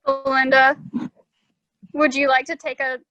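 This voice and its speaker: A woman's voice: high-pitched, flat delivery, unhurried, sharp tone, no room sound, dull audio, soft background music. A woman hosting an online event, introducing speakers and handing them the floor with brief, friendly prompts. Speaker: event host.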